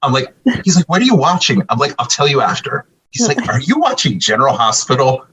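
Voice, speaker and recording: A man's voice: medium pitch, fairly quick, a little hiss or hum, poor audio. A middle-aged man, a podcast guest telling a casual story and acting out the back-and-forth of conversations. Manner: animated storyteller acting out quoted exchanges.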